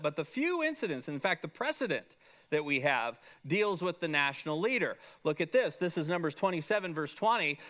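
A man's voice: fairly high pitch, fairly bright tone. A man teaching a Bible lesson to a class, explaining verse by verse with many "uh"s and frequent checks of "okay?".

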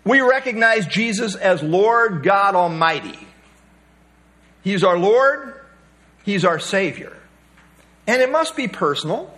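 A man's voice: high-pitched, animated, slow pace, long pauses, pushed and bright. A male pastor preaching a sermon, emphatic and repeating key phrases for weight.

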